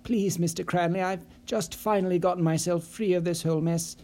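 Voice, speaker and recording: A jittery, apologetic office worker who pleads to be left out of trouble, as a man performs him in an audiobook. His voice sits a little high with a soft, mellow tone. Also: fairly even intonation, a little fast. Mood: anxious. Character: nervous, fretful middle-aged office man. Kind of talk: audiobook character voice.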